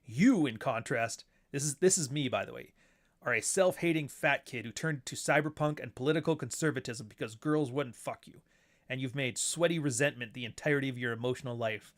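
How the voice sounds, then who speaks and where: A man's voice: medium pitch, a little fast. A man hosting his own show in a casual monologue, blunt and profane, who now and then mocks others in put-on voices. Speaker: show host.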